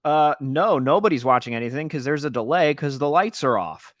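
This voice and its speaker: A man's voice: on the high side, lively intonation, a little fast, dry recording, studio quality. A man co-hosting a sports podcast, making wry joking asides in casual chat. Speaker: podcast co-host.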